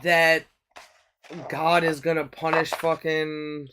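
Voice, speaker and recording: Slow-talking woman musing on a livestream. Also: sits low, monotone, background noise. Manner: blunt, profane, musing aloud. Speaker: livestream host. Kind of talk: casual bible reading and commentary.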